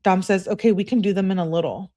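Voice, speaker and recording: A woman hosting a true-crime channel, reading a couple's text messages aloud in a casual way and breaking off for quick remarks of her own. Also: mid-range voice, fairly even intonation, dark tone. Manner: reads texts aloud, breaks off with quick asides. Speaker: host reading case evidence.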